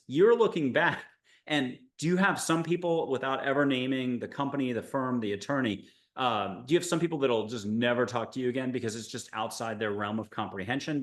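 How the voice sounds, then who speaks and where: A man hosting a podcast, asking long, rambling questions full of fillers and metaphors. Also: medium pitch. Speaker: podcast host. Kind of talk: casual interview questions.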